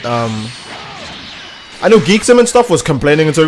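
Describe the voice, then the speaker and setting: A man live-streaming a game, chatting casually with his viewers and reacting loudly to the gameplay in a crude, animated way. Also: mid-range voice, fast talker, a little hiss or hum. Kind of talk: casual live-stream commentary while gaming.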